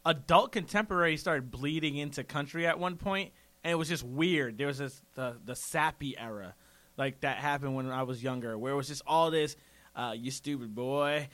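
A man's voice: on the high side, a bit bright, no echo. A man co-hosting a radio show in casual, rambling chat, laughing easily. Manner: rambling, chatty, quick laughs.

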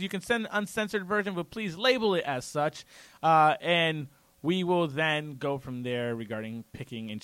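A man's voice: on the high side, a bit bright, dry recording. A man co-hosting a radio show in casual, rambling chat, laughing easily. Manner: rambling, chatty, quick laughs.

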